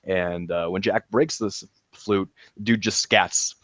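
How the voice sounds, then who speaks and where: A man with a deep, steady voice and a fairly bright tone talks slowly, with no echo. As a podcast co-host, he enthusiastically recaps a show in casual review chat, laughing, restarting sentences and saying "um" a lot.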